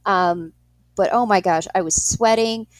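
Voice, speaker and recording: Animated woman telling a story, dry sound. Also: mid-range voice, a little slow, no echo. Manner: animated, laughs a lot, acts out quotes. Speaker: guest, in-home pet euthanasia worker. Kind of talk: storytelling in an interview.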